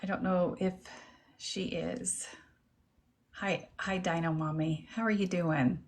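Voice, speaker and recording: A woman's voice: fairly low pitch, steady tone, takes it slowly. A woman reverend hosting a casual live stream, greeting viewers by name and chatting while she eats lunch. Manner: talks while eating lunch. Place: at home with her dog.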